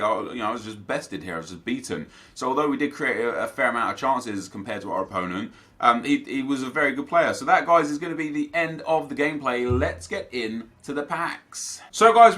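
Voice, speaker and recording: Bright-voiced young gaming commentator. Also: male voice, mid-range voice. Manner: chatty, upbeat, recapping matches to viewers. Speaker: gaming YouTuber. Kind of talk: casual gameplay commentary.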